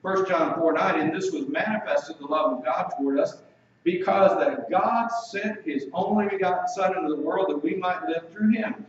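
An emphatic male preacher with a slightly high voice gives a sermon, slowing down when he reads scripture. The sound is very echoey and comes from some distance away. The recording is dull and muffled. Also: slight background noise.

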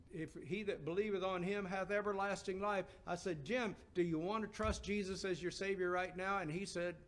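Preaching to his congregation in a high voice, a middle-aged man poses emphatic questions, then lowers to a hushed tone for his stories.

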